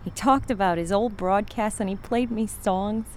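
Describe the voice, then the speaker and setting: A woman's voice: medium pitch, normal speed, darkish tone, slight background noise, close to an everyday voice. An actress playing a weary middle-aged mother who drifts between defensive and wistful in an audio drama.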